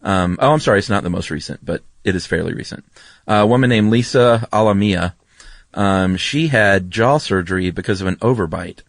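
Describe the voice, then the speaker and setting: Podcast co-host: man, lowish voice, chatty and explanatory, dry close recording. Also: fairly quick, no echo. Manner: chatty and explanatory, with frequent ums. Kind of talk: casual chat.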